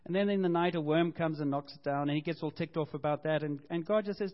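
A man preaching a sermon as pastor, animated and storytelling, acting out quotes and correcting himself as he goes. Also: a little high, fast. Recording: dull lo-fi sound.

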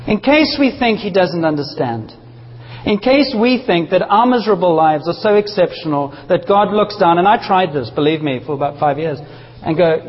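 A man preaching a sermon in a church, passionate and animated, with playful asides to the congregation. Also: fairly high pitch, breathy edge, in a large hall, highs cut off. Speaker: pastor.

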